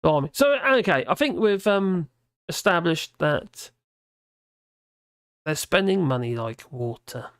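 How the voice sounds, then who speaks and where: Tired, gravelly live streamer. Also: mid-range voice, animated, no room sound, studio quality. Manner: rambling, halting, with many restarts. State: tired and mumbling. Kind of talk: casual live stream commentary reading out chat.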